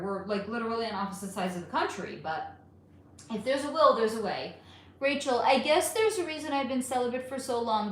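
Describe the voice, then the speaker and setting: Woman host, casual livestream from home, blunt and animated, higher voice, echoey room. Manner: candid, swearing, animated, answers chat questions. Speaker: livestream host reading chat. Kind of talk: casual live-stream chat. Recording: roomy echo with faint ambient noise.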